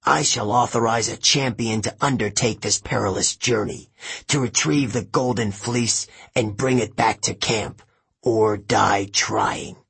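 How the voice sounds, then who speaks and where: A man's voice: lowish voice, steady tone, a little slow, vocal fry, fairly bright tone, husky, full character voice. A man reading an audiobook voices a cruel, scornful ancient king who runs a camp, sounding menacing and sneering. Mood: grandly scornful.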